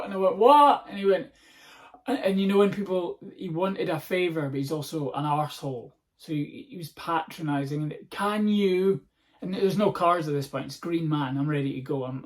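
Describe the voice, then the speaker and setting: A Scottish man hosting a podcast, telling a comic story in a sweary, animated, rambling way. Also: on the high side. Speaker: podcast host. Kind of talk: comedic storytelling monologue.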